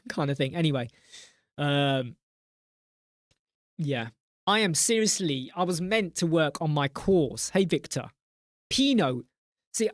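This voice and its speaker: A man's voice: on the high side, very animated, takes it slowly, long pauses, dry recording, clean studio sound. Rambling man hosting a live chat. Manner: rambling, jokey, mock-exasperated, reads out viewer names. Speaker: live stream host.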